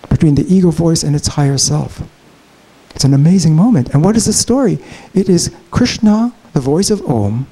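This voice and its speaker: Guy giving a keynote talk, slightly high mellow voice, rambly storyteller vibe. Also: breathy edge, poor audio. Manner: storytelling, animated and digressive. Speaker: keynote speaker. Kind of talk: conference keynote lecture. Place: conference hall, Chicago.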